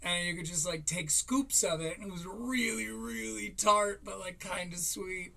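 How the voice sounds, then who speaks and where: A man's voice: high voice, normal speed, creaky, pushed and bright. A man hosting a podcast, telling a story in a casual, profane way and often laughing between lines. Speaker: podcast host.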